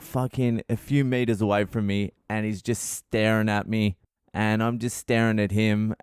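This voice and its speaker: Guy ranting a story on his podcast, swears nonstop, lowish smooth voice, dry sound. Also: no echo. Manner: swears constantly, animated and blunt. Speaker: comedian podcast host. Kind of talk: profane storytelling monologue.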